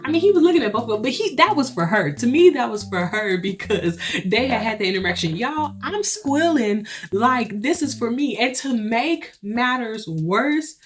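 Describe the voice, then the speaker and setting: Animated young woman telling a story. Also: high-pitched. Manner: animated, chatty, laughs often, playacts others' voices. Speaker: vlogger. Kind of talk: casual storytelling to viewers.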